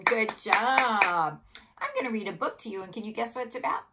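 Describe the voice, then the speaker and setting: A woman leading a children's music lesson, singing nursery rhymes and gently coaxing young children to join in. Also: fairly low pitch, lively intonation, brisk. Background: guitar accompaniment.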